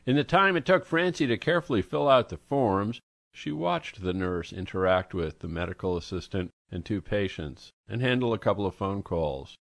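A man narrating a story in a measured, even storytelling manner, as an audiobook reader. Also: lowish voice, vocal fry, no echo, studio quality. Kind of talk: scripted narration.

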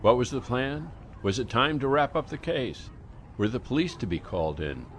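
A man narrating a story in a measured, even storytelling manner, as an audiobook reader. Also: medium pitch, slight background noise. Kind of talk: scripted narration.

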